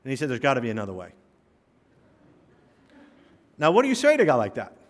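A man's voice: mid-range voice, wildly swooping pitch, fast. A man preaching a sermon, telling stories with humor and driving home emphatic points. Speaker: pastor. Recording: long reverb of a hall.

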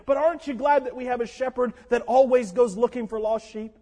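A man preaching a sermon in an animated, conversational way, breaking out into shouts. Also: very high voice, brisk, few pauses. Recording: long echo of a large hall.

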